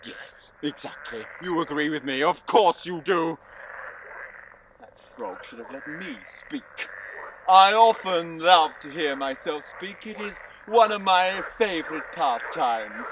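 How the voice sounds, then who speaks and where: An actor playing a boastful, self-important firework rocket in an audio drama, with a pompous, theatrical manner. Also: male voice, fairly high pitch, lively intonation, takes it slowly, a bit bright, slight background noise, rough recording. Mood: indignant, smug.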